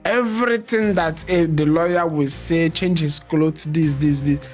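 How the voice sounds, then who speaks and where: A man with a Nigerian accent talks quickly and animatedly, pressing his points in a casual debate. His voice sits a bit high. Faint music plays underneath. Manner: animated, argumentative, fast-talking. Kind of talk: casual political discussion.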